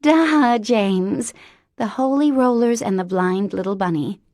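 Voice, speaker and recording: A woman voicing a childlike, eager and affectionate young woman in an audiobook, with a high, bubbly voice. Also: measured pace, darkish tone, dry recording, clean studio sound, close to an everyday voice. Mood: excited. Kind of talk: audiobook character voice.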